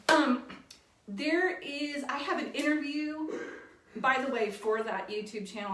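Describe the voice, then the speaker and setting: A woman's voice: a little high, a bit bright. A woman telling a funny story in a chatty way, often laughing and correcting herself. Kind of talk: casual storytelling. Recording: echoey room, distant mic, faint noise.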